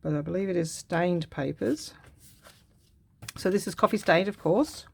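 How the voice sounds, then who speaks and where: A woman vlogger chatting casually as she works on a craft project, thinking aloud in an unhurried way. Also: lowish voice, lively intonation, creaky, husky. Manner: musing aloud while cutting and gluing, unhurried and chatty.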